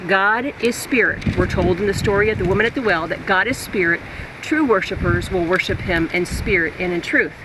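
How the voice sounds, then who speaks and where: A woman's voice: mid-range voice, fairly bright tone, a little hiss or hum, rough recording. A woman teaching a Christian lesson step by step, reading scripture aloud and checking in with the listener as she goes.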